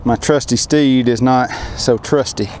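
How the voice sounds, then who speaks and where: A man's voice: mid-range voice, unhurried. A man with a Southern US accent, out of breath as he talks to viewers while riding a bicycle outdoors. He has a folksy, self-deprecating manner and calls his viewers y'all. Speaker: vlogger. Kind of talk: casual vlog narration while cycling. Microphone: action camera. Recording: loud road and traffic noise.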